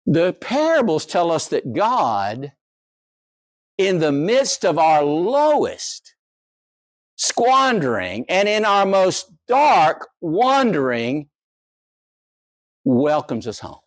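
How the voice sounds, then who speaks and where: A pastor delivers his sermon in a fairly high voice. He swings between quiet, wry asides and raised, animated exclamations. The sound is dry and close, with no room echo. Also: takes it slowly, long pauses.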